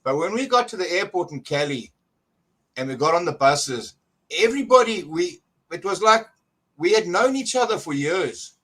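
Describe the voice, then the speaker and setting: Excited man, bright voice. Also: sits high, rough recording. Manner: excited, halting, full of restarts. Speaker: guest church member. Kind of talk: casual testimony.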